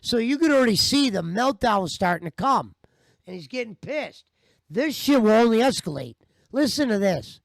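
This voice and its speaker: A man's voice: high-pitched, big pitch swings, normal speed, gravelly, dry recording, studio quality. A man giving heated, profane, mocking commentary over stream clips. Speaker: commentary host.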